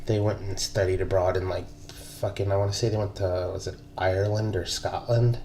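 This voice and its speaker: A man's voice: deep voice, level tone, a little fast, mellow. A man in his thirties, an army veteran, telling stories in casual podcast chat, laid-back and profane, laughing as he goes.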